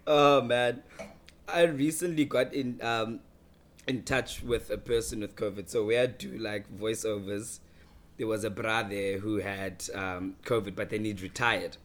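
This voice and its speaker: A man telling a story in a casual chat, energetic and acting out the dialogue. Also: on the low side, unhurried. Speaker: voice-over artist and co-host.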